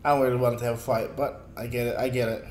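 A man's voice: medium pitch, level tone, fast, a little mellow, a little hiss or hum, close to an everyday voice. A man voicing a cheerful, easygoing hero in a raised, upbeat voice, in an echoey room. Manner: upbeat, lifted voice. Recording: echoey room, faint music.

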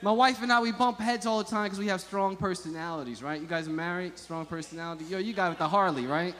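A man doing stand-up crowd work, bantering with the audience in a loud, profane, joking way. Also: high-pitched, fast. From Montclair, New Jersey. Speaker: stand-up comedian. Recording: echoey live comedy venue.

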